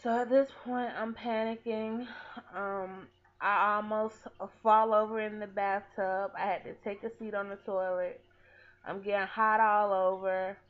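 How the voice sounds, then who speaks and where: A woman's voice: medium pitch, flat delivery, a little slow. A woman in her twenties telling a personal story in a vlog, earnest and rambling, with lots of "like.". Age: 20s. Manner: earnest, rambling, heavy use of "like". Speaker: vlogger. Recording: tinny phone-like audio.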